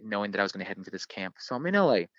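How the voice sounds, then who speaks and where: A man's voice: lowish voice, sing-song, rapid-fire, fairly bright tone, no echo, dull audio. A man in his thirties, a soccer player, animatedly telling a story in an interview with lots of fillers. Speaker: guest, professional soccer player.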